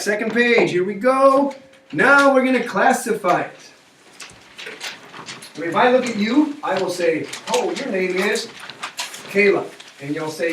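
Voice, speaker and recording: A man's voice: high-pitched, background noise. A man teaching a math class, coaxing students along with frequent check-in questions. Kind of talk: classroom lecture. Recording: echoey classroom, mic far off.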